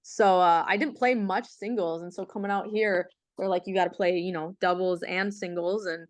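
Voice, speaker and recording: A young woman with a smooth, clear voice and a lowish pitch talks in a laid-back, casual way. She often doubles up her words and leans on fillers as she chats as an interview guest. The sound is dry and close. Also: steady tone, normal speed, no echo. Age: young adult. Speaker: college athlete guest.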